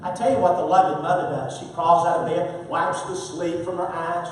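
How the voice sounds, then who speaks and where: Man, preaching, emphatic and repetitive, high voice, recorded from afar in an echoing church. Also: steady tone, normal speed, slight background noise. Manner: emphatic, repetitive, rises and falls in volume. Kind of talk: sermon. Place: church sanctuary. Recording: echoey hall, picked up from far off.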